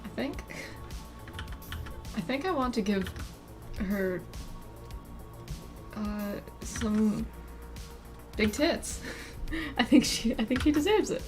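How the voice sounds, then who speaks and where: A woman's voice: a little high, lively intonation, slow pace, long pauses, darkish tone, faint music behind. A woman streaming as a VTuber, chatting casually in a rambling way that keeps interrupting itself with giggly asides. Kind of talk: casual live-stream chat while drawing.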